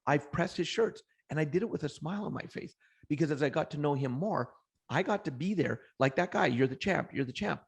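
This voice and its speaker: A middle-aged man from Canada, a trainer telling energetic motivational stories as an interview guest, often restarting phrases. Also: a little high, fairly quick, creaky, husky. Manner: energetic, anecdotal, frequent restarts. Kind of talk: motivational storytelling.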